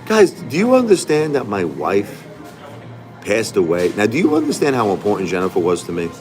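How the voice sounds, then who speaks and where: A man's voice: lowish voice, huge pitch swings, normal speed, darkish tone, soft background music. A middle-aged man hosting a casual livestream, talking back to his chat in an emphatic, repetitive way. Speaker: livestream host.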